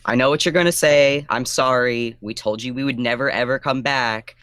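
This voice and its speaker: A man's voice: mid-range voice, steady tone, moderate pace, a bit bright, clear, resonant tone. A man playing a tabletop game, joking, rambling and pleading in character. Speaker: player. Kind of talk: in-character tabletop role-play.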